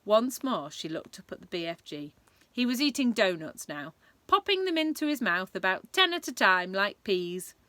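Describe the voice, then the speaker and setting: A woman narrating a children's story with lively, expressive delivery. Her voice is bright and rich in rises and falls, recorded close and dry. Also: mid-range voice, normal speed, no room sound. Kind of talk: reading a children's book aloud.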